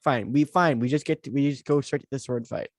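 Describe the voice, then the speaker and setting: A man co-hosting a casual movie podcast, excitable and playful, quick to joke. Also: medium pitch, no echo. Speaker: podcast co-host.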